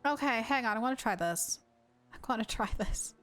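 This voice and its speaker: A woman's voice: fairly high pitch, expressive, a little fast, fairly bright tone, faint music behind. A woman streaming a game live, chatting to viewers, exasperated and self-mocking, laughing often.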